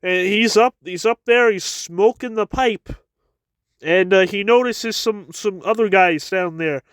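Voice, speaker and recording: A man's voice: sits high, a little slow, a bit bright, smooth, dry recording. A man giving a casual chapter review with wry asides, often stammering and repeating his words.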